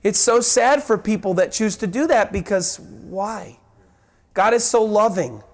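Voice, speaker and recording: A man's voice: animated, measured pace. A man preaching a sermon and teaching from the Bible, earnest, stumbling and repeating words as he acts out the voices in the story. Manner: earnest, acts out quoted voices with sharp pitch drops and rises; repeats words, restarts phrases.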